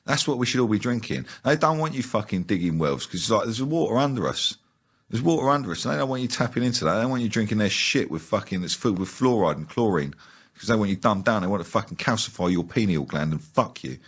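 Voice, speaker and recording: Fast-talking husky man, ranting. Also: fairly low pitch, animated. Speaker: interview guest. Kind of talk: casual interview chat.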